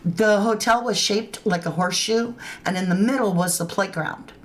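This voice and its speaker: At a moderate pace and medium pitch, a true crime channel host chats with her livestream audience, addressing them directly in relaxed, informal speech.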